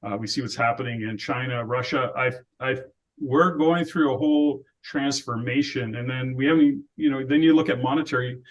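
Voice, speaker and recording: A man's voice: medium pitch, moderate pace, muffled recording. Opinionated older man ranting. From Alberta, Canada. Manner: opinionated, ranting, rhetorical questions. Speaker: podcast co-host. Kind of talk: casual podcast discussion.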